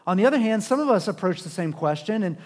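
A man preaching a sermon in a conversational way, asking rhetorical questions and swinging between loud and hushed. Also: high-pitched, lively intonation, quick pace. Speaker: pastor. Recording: long reverb of a large hall.

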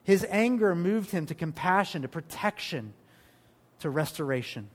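A man preaching a sermon as pastor, animated, with rhetorical questions and emphatic pauses. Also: high-pitched.

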